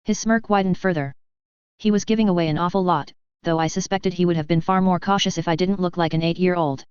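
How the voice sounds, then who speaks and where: Brief: woman storyteller, lowish pitch, lo-fi dull recording, steady narration. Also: brisk, clear, resonant tone, no room sound. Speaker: reader. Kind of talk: audiobook reading of fan fiction.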